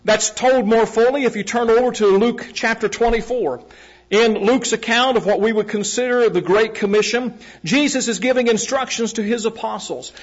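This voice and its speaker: High-voiced man preaching a sermon. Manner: measured, repeats key phrases for emphasis; asks the congregation direct questions. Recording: muffled, lo-fi recording.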